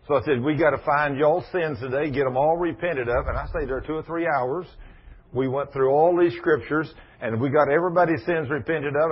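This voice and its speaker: A man preaches with a drawl, folksy and emphatic, swinging between loud declarations and soft asides. His voice sits a touch high and sounds husky. The recording is muffled and lo-fi, like an old sermon tape. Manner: folksy, emphatic, dramatic swings in pitch and volume. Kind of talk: sermon with storytelling.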